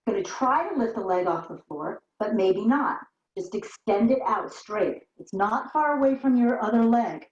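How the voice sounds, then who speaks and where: A woman's voice: mid-range voice, darkish tone. A woman teaching a barre workout, counting reps and talking people through the moves while she does them herself, a little out of breath. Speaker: barre fitness instructor. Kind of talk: guided workout instruction. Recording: roomy, dull lo-fi sound.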